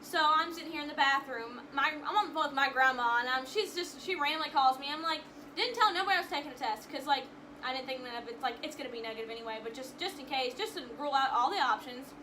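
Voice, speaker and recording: High, bright young woman telling her story. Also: fast, a little hiss or hum, low-quality recording. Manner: emotional, rambling retelling with restarts. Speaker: vlogger. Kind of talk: personal storytelling to camera.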